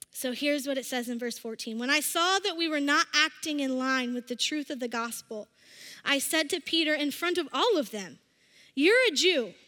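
A woman giving a casual, conversational sermon, acting out scripture scenes in lively voices. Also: high voice. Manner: chatty, acts out quotes with animated voices. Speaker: speaker at a church service. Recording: long reverb of a hall.

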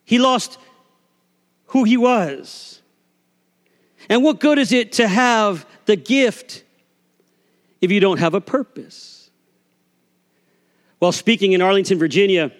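A man's voice: sits high, big-room sound. A man preaching a sermon as a pastor, telling a folksy story and acting out the voices of the people in it. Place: church sanctuary.

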